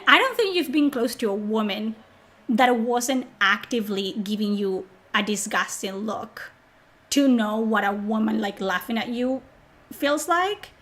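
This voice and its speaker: Mocking woman streamer, fairly high voice. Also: a bit bright. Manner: mocking, sarcastic, profane. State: sick. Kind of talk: live stream chat reading.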